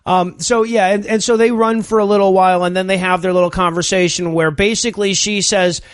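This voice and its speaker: A man's voice: high voice, fairly even intonation, brisk, clean tone, dry recording. A man co-hosting a comedy podcast, wryly riffing on a movie and reading his notes aloud. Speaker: podcast co-host.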